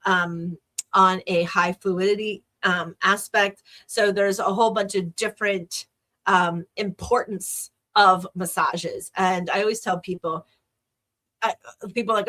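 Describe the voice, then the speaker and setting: A woman's voice: mid-range voice, steady tone, measured pace, bright, forceful tone. A woman hosting a podcast, talking in a chatty, rambling and enthusiastic way. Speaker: podcast host. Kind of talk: casual solo podcast talk.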